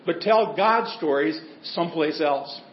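Higher-voiced man preaching, echoey hall. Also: measured pace, lo-fi sound. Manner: conversational storytelling with humor. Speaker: pastor. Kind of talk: sermon.

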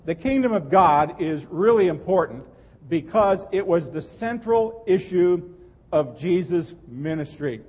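A man's voice: high voice, animated, a little slow, darkish tone, slightly rough, muffled recording. A man preaching a sermon as a pastor, earnest and emphatic, repeating key phrases for weight. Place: church sanctuary. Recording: reverberant church sanctuary.

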